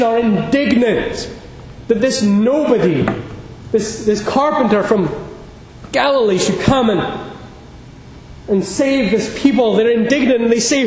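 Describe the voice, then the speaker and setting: A man's voice: high voice, darkish tone. A man preaching a sermon, emphatic and at times fervent. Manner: emphatic, rising to fervent declarations. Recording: echoey hall with faint ambient noise.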